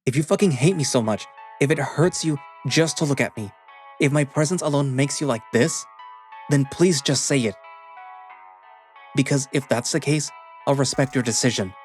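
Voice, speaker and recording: A man's voice: medium pitch, normal speed, voice pushed up, lightly acted. A man voicing David, a frustrated young best friend, in a visual novel reading with faint music behind. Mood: hurt, angry. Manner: pleading, earnest, swearing when upset.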